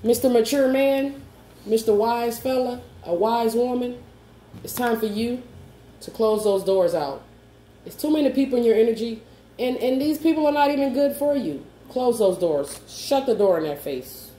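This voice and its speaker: Warm-voiced woman giving a soothing tarot reading. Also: on the high side, animated, moderate pace. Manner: reassuring, coaxing, keeps asking "okay?". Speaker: tarot card reader. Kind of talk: spoken tarot reading to camera. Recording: roomy echo, faint background hum.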